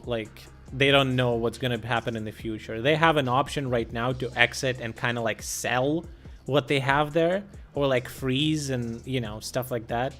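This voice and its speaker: A man's voice: mid-range voice, a bit bright. Profane, sarcastic young male streamer. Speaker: live streamer. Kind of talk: casual live-stream commentary.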